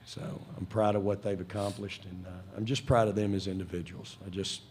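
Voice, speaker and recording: Proud low-voiced coach. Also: male voice, little pitch movement, darkish tone, a little hiss or hum. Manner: proud, emotional, unhurried. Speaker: head coach. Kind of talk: postgame press conference remarks.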